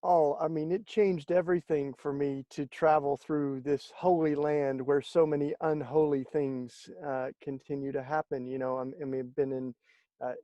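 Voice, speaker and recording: A man, a guest in an interview, telling stories in a lively conversational way and acting out the voices of the people he quotes. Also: a little high, normal speed, dry recording, dull audio. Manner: animated storyteller, acts out quoted speech. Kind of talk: conversational storytelling.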